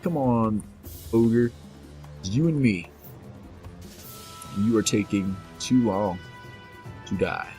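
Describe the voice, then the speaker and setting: Slow and dark-toned, with long pauses, this man's fairly low voice is still expressive as he narrates a video game while playing. In casual let's-play style he teases the enemies and reads the on-screen text aloud, with game music faintly in the background.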